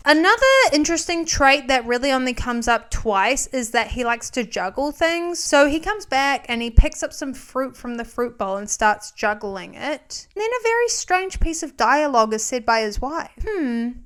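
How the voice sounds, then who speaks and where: A chatty woman vlogger recapping a movie with sarcastic asides and frequent tangents. Her voice sits high and comes across smooth and clear. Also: lively intonation, moderate pace, hardly any pauses, fairly bright tone.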